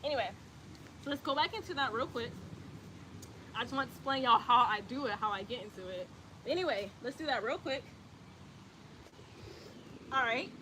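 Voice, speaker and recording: A bright, clear woman's voice, young and informal, walking viewers through handstand drills. She explains each step as she performs it, with a faint hiss under her voice. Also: fairly high pitch, lively intonation, normal speed, long pauses, poor audio. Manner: informal, talks the viewer through each move while doing it. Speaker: handstand practice instructor. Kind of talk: casual spoken demonstration.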